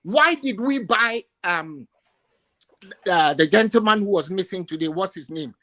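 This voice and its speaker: Over a video call, a man rants emotionally, exasperated and stammering through repeated words. His voice is high, animated and bright with a forceful edge, though his pace stays unhurried in this impassioned call-in rant.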